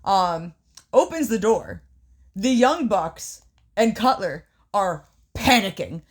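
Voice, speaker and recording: A woman's voice: medium pitch, takes it slowly. Foul-mouthed woman podcast host. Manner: swears constantly, animated storyteller acting out quotes. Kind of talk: casual chat recapping wrestling.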